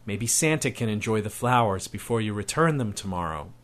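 A man's voice: on the low side, expressive, a little fast, close to an everyday voice. A man reading aloud and voicing a tired mother who scolds her son firmly but lovingly. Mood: stern. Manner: firm, scolding, tender underneath.

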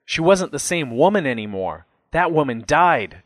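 An anguished middle-aged father, bitter and defensive, as a male narrator voices him. His voice rises higher and louder than the narration and strains as he pleads. The sound is dry and close. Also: big pitch swings, normal speed, dry recording. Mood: pleading.

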